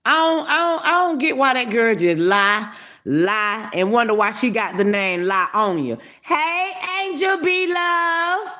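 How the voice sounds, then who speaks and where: A woman's voice: mid-range voice, big pitch swings, a little slow, sharp tone. A woman hosting a casual livestream, greeting viewers by name and giving brash, profane commentary with lots of laughter.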